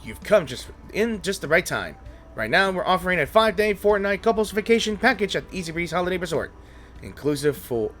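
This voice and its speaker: A man voicing a pushy travel agent in a game, rattling off sales pitches and lectures. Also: fairly bright tone. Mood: salesy.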